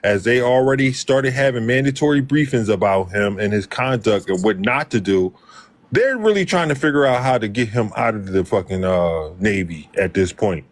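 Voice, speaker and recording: A man's voice: on the low side, animated, normal speed. A man in a heated casual debate, speaking insistently and pressing pointed questions.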